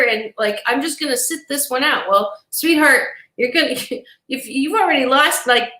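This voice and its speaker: Woman, motivational speaker, emphatic, laughing between points, high voice, echoey room. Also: pushed and bright. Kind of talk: inspirational talk as interview guest.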